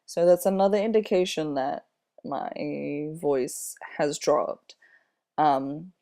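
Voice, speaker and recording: A young man in his twenties with a slightly airy voice, talking casually in a personal vlog, unhurried and rambling with many fillers. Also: a little high, warm tone. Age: 20s. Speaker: vlogger.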